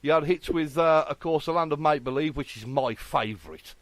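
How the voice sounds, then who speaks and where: A man's voice: a little high, brisk, no room sound. A man hosting a radio interview, eager and full of praise, often restarting his sentences. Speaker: radio host. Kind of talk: casual interview.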